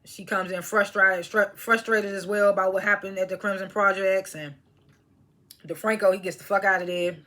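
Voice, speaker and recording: A young woman talks straight to her camera at home, recapping a show episode in loose, chatty fashion. Her voice is bright and forward, broken by quick laughs and plenty of fillers, and she chews snacks as she talks. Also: medium pitch, steady tone. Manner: chatty, laughs often, strings thoughts with fillers; talks while chewing snacks. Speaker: TV episode reviewer. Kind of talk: casual recap monologue.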